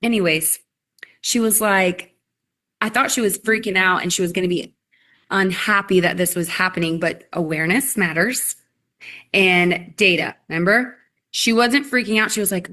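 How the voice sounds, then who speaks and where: A woman with a lowish, fairly bright voice speaks at a moderate pace on a live call. As a guest customer giving a testimonial, she rambles enthusiastically, sprinkling in plenty of "like"s in a casual chat.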